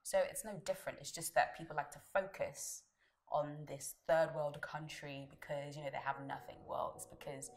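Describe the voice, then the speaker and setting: A woman's voice: sits low, moderate pace, slight background noise. A woman from Nigeria giving forthright views in an interview, often saying "you know". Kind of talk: interview opinion.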